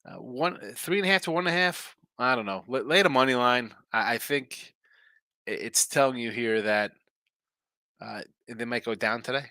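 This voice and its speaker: A man's voice: medium pitch, moderate pace, bright, forceful tone, no echo. A man hosting a sports betting show in a rambling, casual way, reading out viewer messages and answering them. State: tired, yawning. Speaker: sports betting podcast host. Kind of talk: casual live-stream chat.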